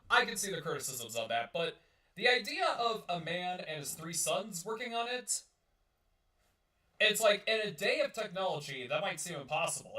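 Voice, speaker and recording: Male stream host, slightly high voice, loose profane rambling, recorded far off the mic. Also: sharp tone, roomy sound. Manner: rambling and profane, with many restarts. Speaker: host of a live-streamed talk show. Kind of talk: casual live-stream chat.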